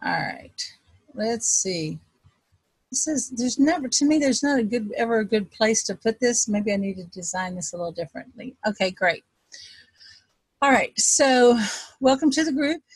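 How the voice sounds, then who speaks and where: A woman with a Texas accent, a self-described fast talker, teaching an online group in a chatty way with many ums. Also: on the high side, animated, breathy edge, no echo. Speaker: wealth coach leading an online group. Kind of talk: casual webinar teaching.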